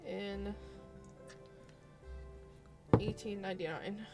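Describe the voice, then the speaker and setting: A woman's voice: medium pitch, steady tone, extremely slow, darkish tone, faint music behind. A woman streamer chatting casually while she plays a game. She is chatty, swears casually and laughs often.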